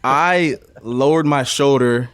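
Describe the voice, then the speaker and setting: Man telling a lively locker-room story. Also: mid-range voice, takes it slowly, clear, resonant tone, dry recording. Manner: animated, profane storytelling. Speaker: podcast co-host, ex-player. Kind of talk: casual chat.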